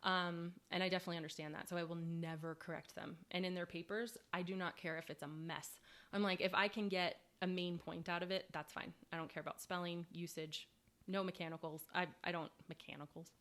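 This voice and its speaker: A young woman with a slightly low voice chats casually on a podcast. She tells stories in a loose, rambling way and breaks into laughter often. She speaks as a high school English teacher talking shop. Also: fairly even intonation, brisk, fairly bright tone. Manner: chatty storyteller, laughs often.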